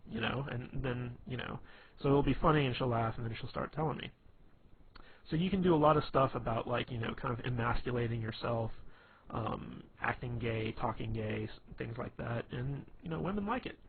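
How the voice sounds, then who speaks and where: A man with a mid-range, slightly rough voice gives casual dating advice at normal speed in a spoken monologue. He rambles, full of fillers and restarts, and the recording is tinny and phone-like, lo-fi with faint hiss.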